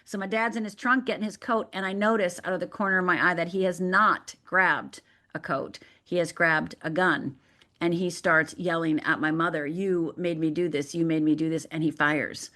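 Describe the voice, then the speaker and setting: A woman's voice: on the low side, fairly even intonation, moderate pace, sharp tone. A woman from Michigan, a life coach and guest on a radio interview, telling a personal story vividly and acting out the voices of the people in it. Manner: vivid, dramatic storyteller who acts out quoted voices.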